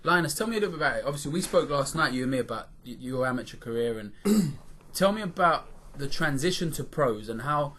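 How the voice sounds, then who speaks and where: A man's voice: mid-range voice, animated, fast talker, hardly any pauses, sharp tone. A man co-hosting a podcast, telling stories in casual chat with a rambling, swearing manner. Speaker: podcast co-host.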